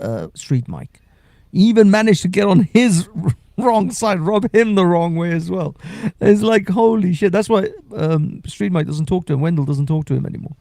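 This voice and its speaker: A man's voice: on the high side, creaky, warm tone, no echo, studio quality. A man hosting a late-night live stream, sleep deprived, rambling and laughing often in casual chat.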